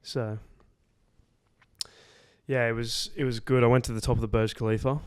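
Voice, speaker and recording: A man's voice: medium pitch, little pitch movement, moderate pace, clean tone, no room sound. A young man co-hosting a podcast tells a long travel story in a loose, rambling way. He fills his sentences with "like" and swears casually. His voice sits mid-range and sounds dry and close, with no room around it. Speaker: podcast co-host. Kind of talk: casual chat.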